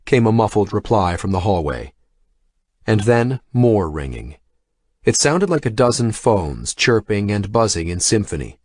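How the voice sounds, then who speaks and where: A male audiobook narrator with a low voice and lively pitch, telling a thriller in a measured, scripted way. The sound is close and dry, with no room around it. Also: no echo.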